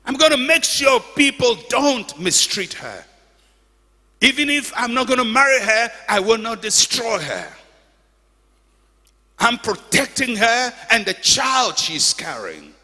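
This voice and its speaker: A man's voice: extremely high pitch, very animated, a little slow, pushed and bright, voice pushed up, exaggerated voice. A man voicing Joseph, a just, protective young man who firmly vows to shield his betrothed. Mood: resolute. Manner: firm, resolute vows. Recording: echoey church hall.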